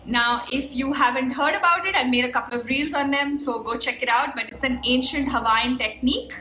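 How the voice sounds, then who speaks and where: High, bright woman coach. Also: brisk, slight background noise. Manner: earnest, with frequent ums. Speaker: life coach. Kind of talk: casual talk to camera, teaching a method. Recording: roomy echo.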